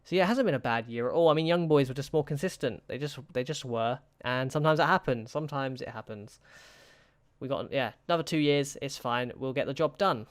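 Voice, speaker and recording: A young man talks through a football management game in a smooth, clear voice at an ordinary pitch. He frets and pleads with his players, sighing between matches. The sound is dry and close. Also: fast, few pauses, no echo. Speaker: gaming YouTuber. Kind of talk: casual gameplay commentary.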